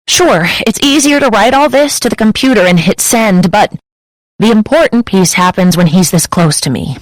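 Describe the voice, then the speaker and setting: A woman's voice: on the low side, no echo, rough recording. A woman reading a first-person romance audiobook in an intimate, emotive way on a close studio mic. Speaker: audiobook narrator.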